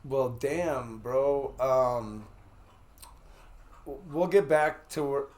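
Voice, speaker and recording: A man's voice: medium pitch, very slow, darkish tone. A man hosting a casual interview, who laughs often and stumbles and stutters through his questions. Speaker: interview host.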